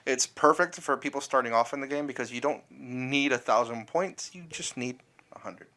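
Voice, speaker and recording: Smooth-voiced man, blunt and profane. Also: mid-range voice, moderate pace, pushed and bright. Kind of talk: casual chat.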